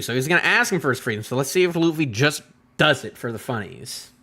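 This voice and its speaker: A man's voice: mid-range voice, fast. A man rambling through a casual live-stream reaction to a manga chapter and talking to his chat. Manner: animated, rambling, talks to chat.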